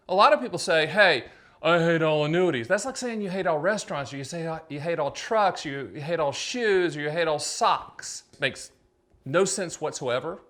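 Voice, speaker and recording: A middle-aged man hosting his own show as an agent, explaining to camera in a punchy, salesy patter full of rhetorical questions and quick asides. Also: a little high, fairly bright tone. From United States. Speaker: annuity agent and show host. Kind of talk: energetic solo explainer to camera.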